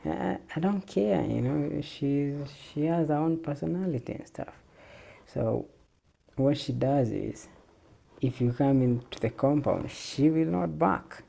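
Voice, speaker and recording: A man's voice: a little high, measured pace, creaky, mellow. A man hosting a casual solo podcast, laid-back, laughing often and swearing freely. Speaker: podcast host.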